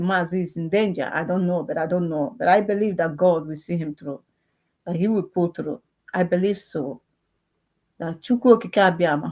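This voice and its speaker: A woman's voice: on the low side, darkish tone. A young Nigerian woman making an impassioned appeal that turns into fervent prayer, full of pleading rhetorical questions. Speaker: activist.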